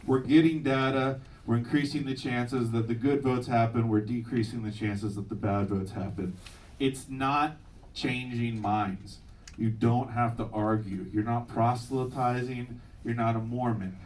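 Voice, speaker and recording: A young man doing a stand-up comedy set with a punchy, energetic delivery, laughing along. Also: medium pitch, unhurried. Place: live venue with audience. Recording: distant mic, noisy live room.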